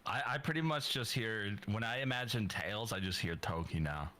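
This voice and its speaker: A man's voice: lowish voice, normal speed, noisy background. A man co-hosting a podcast in casual chat, teasing the others. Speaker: podcast co-host.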